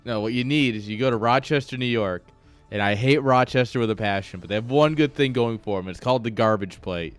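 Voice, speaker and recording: Man, esports caster, casual stream chat, teasing and joking, smooth resonant voice. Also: medium pitch, fairly quick, no room sound, soft background music. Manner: joking, teasing, laughs often.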